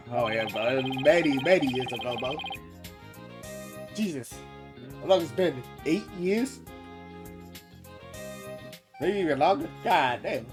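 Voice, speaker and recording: A man's voice: a little high, expressive, slow, long pauses. A man giving casual let's-play commentary, crude and often laughing. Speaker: gaming streamer. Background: game music.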